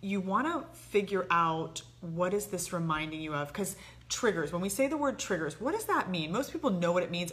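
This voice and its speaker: A woman on a talk show giving earnest, animated advice, sometimes dropping soft and low. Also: normal speed. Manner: earnest, animated, dips soft and low when quoting inner thoughts. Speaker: therapist guest. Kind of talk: casual advice chat.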